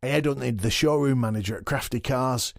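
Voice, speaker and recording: A man's voice: mid-range voice, creaky, dry recording, studio quality. A man playing a dim, boastful wrestling champion on a comedy podcast. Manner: dim-witted, boastful, quick to laugh and swear. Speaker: comic co-host in character as a wrestling champion. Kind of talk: scripted comedy podcast dialogue.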